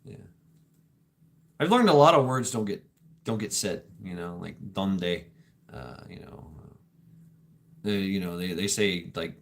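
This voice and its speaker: His deep voice has lively intonation and vocal fry, and he talks a little slowly with long pauses. Hosting a laid-back livestream, he reads chat comments, thinks out loud in a rambling, repetitive way, laughs between thoughts, jokes and swears offhandedly.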